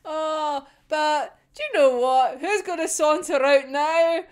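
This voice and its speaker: A woman's voice: high-pitched, takes it slowly. A young woman giving a casual, giggly and sweary reaction to a manga chapter. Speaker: manga reviewer.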